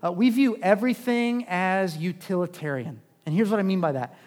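A man preaching a sermon in a conversational way, asking rhetorical questions and swinging between loud and hushed. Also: sits high, moderate pace. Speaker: pastor. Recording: long reverb of a large hall.

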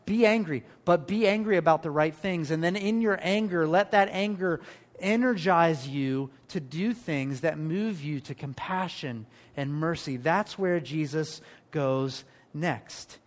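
High-voiced pastor preaching with emphasis. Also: male voice. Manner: animated preaching with rhetorical questions and emphatic pauses. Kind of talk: sermon.

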